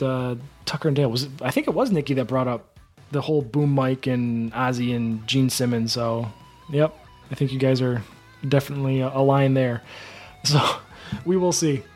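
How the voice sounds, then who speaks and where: A man's voice: medium pitch, moderate pace, a little mellow, soft background music. A man hosting a casual live podcast, recapping a film in a rambling, chatty way that is full of restarts. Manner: rambling, self-correcting, chatty. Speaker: podcast host.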